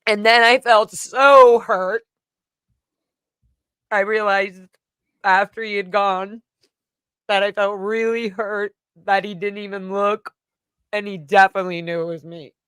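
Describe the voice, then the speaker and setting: Woman vlogger, mid-range voice, smooth and clean, dry close recording, casual rambling storyteller. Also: mid-range voice, steady tone, measured pace, pauses often, fairly bright tone, no echo. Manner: rambling, emotional retelling with frequent "like" fillers. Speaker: vlogger recounting a personal event.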